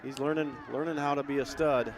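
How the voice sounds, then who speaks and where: A man giving easygoing color commentary on a high school football game, talking like a coach. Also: fairly even intonation, brisk, noisy background.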